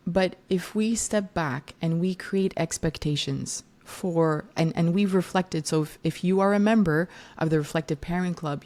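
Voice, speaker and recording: A woman's voice: low voice, a little mellow. A woman in her thirties hosting a solo parenting podcast, talking conversationally, correcting herself and playing out quoted moms with animation. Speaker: podcast host and parenting educator.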